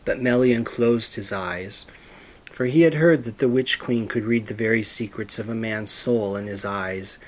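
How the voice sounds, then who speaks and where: A man narrating a storybook in a steady, measured reading voice. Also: fairly low pitch.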